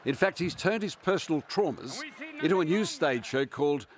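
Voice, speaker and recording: An Australian man narrating a TV feature and asking interview questions in a measured way. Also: a little high, expressive. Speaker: TV reporter.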